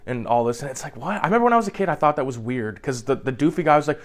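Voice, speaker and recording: Talking quickly in a mid-range voice with hardly any pauses, a young man gives a rambling, casual rundown of a movie's plot, full of profanity and constant "like"s.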